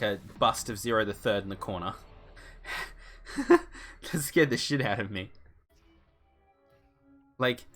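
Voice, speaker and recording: A man's voice: mid-range voice, sharp tone. A man streaming a video game, joking and swearing in casual commentary.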